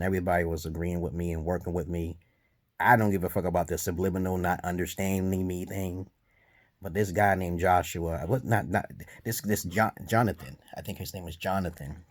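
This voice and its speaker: A man ranting in a commentary vlog, profane and heated, jumping from shouted outbursts to low mutters. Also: steady tone, brisk, dry recording. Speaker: vlogger giving dating advice.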